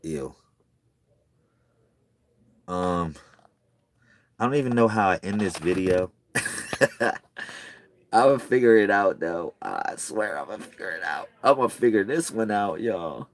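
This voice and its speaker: A man with a lowish voice chats straight to his viewers in loose, slangy talk. He gets excitable, repeats his lines, and swings from loud bursts to near-murmurs. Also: slow, long pauses. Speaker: video creator. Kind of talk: casual chat to viewers.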